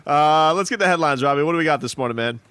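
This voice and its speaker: A man hosting a sports radio show, talking in loose, animated, joking banter. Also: a little high, quick pace, background noise.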